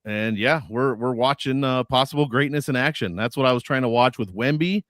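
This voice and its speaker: Measured, stat-heavy sports analyst. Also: male voice, medium pitch, fairly bright tone, no room sound, clean studio sound. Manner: measured, stat-heavy, many filler uhs. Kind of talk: casual podcast analysis. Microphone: online call.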